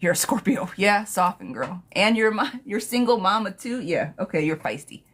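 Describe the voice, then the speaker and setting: A woman's voice: medium pitch, animated, normal speed, a bit bright. A young woman reading tarot on a live stream, casual and sassy, who laughs often and swears freely.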